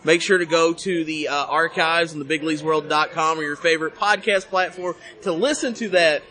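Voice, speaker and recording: A man's voice: a little high, a little fast, pushed and bright. A man hosting a casual podcast interview at a convention, who hypes up his guest and plugs his show. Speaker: podcast host. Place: busy convention hall.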